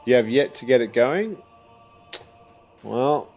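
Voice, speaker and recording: Australian gamer guy, relaxed play-along chatter, a bit dull audio, faint game music behind. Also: medium pitch, slow pace. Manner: chatty, swears freely, laughs often. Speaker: gaming video creator. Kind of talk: casual gameplay commentary.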